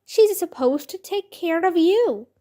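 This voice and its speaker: A woman reading aloud and voicing a calm, practical young schoolgirl who speaks matter-of-factly. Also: extremely high pitch, a little slow, pitched above the performer's own voice.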